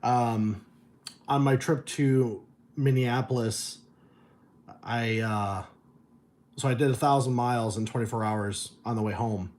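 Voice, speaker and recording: A man's voice: medium pitch, steady tone, measured pace, pauses often, a little mellow. A middle-aged man chatting casually on a livestream, telling stories and reading viewer messages, loose and profane, chuckling often. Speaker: vlogger reading viewer chat.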